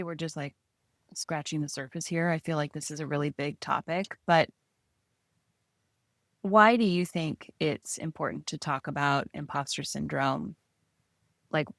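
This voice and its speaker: A woman's voice: deep voice, no room sound, studio quality. A woman co-hosting a podcast about art, speaking in a thoughtful, encouraging way. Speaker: podcast co-host. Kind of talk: casual chat.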